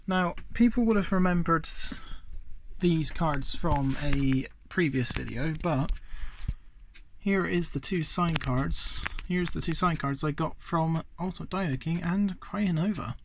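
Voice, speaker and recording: A man with a fairly high voice chats through a show-and-tell of his collection, rambling from item to item with plenty of asides. He films on a phone held in his hand, indoors at home. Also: measured pace, slight background noise. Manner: chatty and rambling, many fillers and asides. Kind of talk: casual show-and-tell vlog. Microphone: handheld phone.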